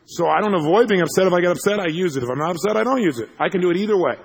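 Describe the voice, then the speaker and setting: A man telling a story to an audience as a motivational speaker, animated and laughing as he acts out what people said. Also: high voice, rapid-fire, vocal fry, breathy edge.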